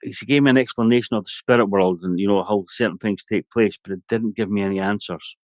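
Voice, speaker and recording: Scottish guy, middle-aged, rambling story, lowish voice, dry close sound. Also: steady tone, fast talker, no room sound. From Scotland. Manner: rambling, anecdotal, frequent "you know". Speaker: podcast guest, medium. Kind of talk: storytelling in a podcast interview.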